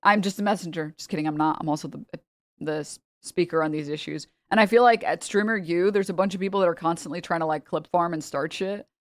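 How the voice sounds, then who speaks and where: A woman's voice: lowish voice, fast, no room sound, clean studio sound. A woman streamer in casual chat, joking and teasing, laughing often.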